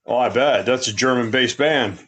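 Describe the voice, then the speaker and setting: A man's voice: mid-range voice, normal speed, fairly bright tone. A man joking and teasing in a casual stream chat.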